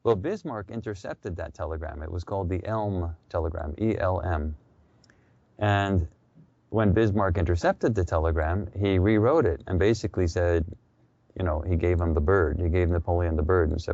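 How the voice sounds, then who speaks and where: A man's voice: low-pitched, normal speed, darkish tone, no room sound, dull audio. A man talking as a radio interview guest, telling history in a loose, conversational storytelling way. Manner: conversational, storytelling with quoted voices.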